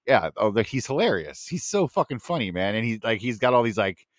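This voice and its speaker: Man, co-host, casual chat, low voice, laid-back, dry mic. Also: very animated, fairly quick, dry recording. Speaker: podcast co-host.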